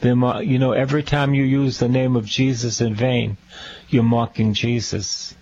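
A man's voice: medium pitch, little pitch movement, a little mellow, highs cut off. A male priest reading scripture aloud and commenting on it, earnest, repeating key lines for emphasis and asking listeners direct questions. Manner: slow, deliberate, asks listeners direct questions.

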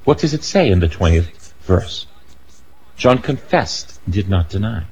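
An older man delivers a sermon in a low voice at an unhurried, deliberate pace. He presses emphatically on key phrases, sometimes rising to near shouts, then slips into casual asides and self-corrections. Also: sing-song, poor audio. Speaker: preacher.

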